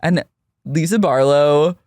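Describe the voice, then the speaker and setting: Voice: darkish tone, no echo, studio quality. A podcast co-host chatting casually and gossiping while recapping a reality TV episode. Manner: gossipy, quick to mimic others in a higher voice.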